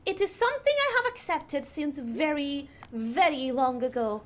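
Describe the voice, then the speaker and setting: A woman's voice: high voice, animated, moderate pace. A woman streamer chatting while she plays a game, talking in an affected posh English accent with a prim, fussy manner. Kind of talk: gaming livestream chat.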